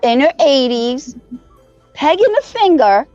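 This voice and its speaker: A woman calls in and tells a story in a chatty, rambling way, breaking into laughter along the way. She speaks at an unhurried pace, and her voice comes over a dull, lo-fi line that sounds dry and close. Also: high voice, lively intonation, a little mellow, no echo, soft background music. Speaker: caller sharing a story. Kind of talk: casual storytelling.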